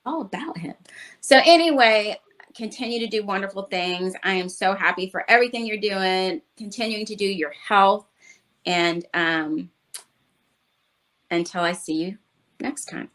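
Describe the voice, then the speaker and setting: A woman's voice: mid-range voice, unhurried, fairly bright tone. A woman hosting an interview over a video call, gushing and effusive in her thanks to her guest. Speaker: host. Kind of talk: casual interview chat.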